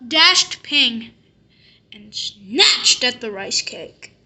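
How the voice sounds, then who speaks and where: A woman reading a classic picture book aloud, telling the story slowly and expressively. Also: a little high, animated, bright, forceful tone. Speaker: storybook reader.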